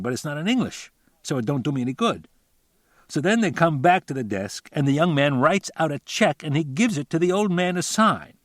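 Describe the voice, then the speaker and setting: A man's voice: on the high side, no room sound, studio quality, pitched above the performer's own voice. A man voicing a chatty small-town realtor who tells a story in folksy, ungrammatical talk. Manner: folksy rambling storyteller, colloquial grammar. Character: chatty middle-aged male small-town realtor, boastful.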